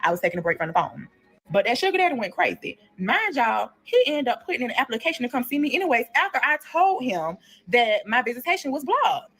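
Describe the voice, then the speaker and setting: A young woman rattling through a storytime in a rapid, animated rush, her voice pitched a little high. She is blunt and profane and keeps turning to her listeners to call them y'all. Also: slightly rough, soft background music. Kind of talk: casual storytime. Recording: played clip within livestream.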